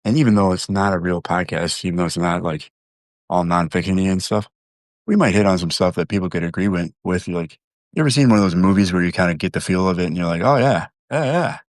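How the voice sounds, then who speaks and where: Deep-voiced man rambling on a live stream. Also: fairly even intonation, quick pace, dry recording, studio quality. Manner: rambling, loose, full of fillers and restarts; joking, talks directly to viewers. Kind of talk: casual live-stream chat.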